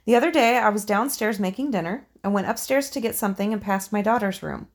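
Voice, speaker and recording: A woman's voice: medium pitch, animated, quick pace. A woman co-hosting a podcast, reading listener ghost stories aloud and chatting casually, with occasional swearing. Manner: swears casually, laughs often.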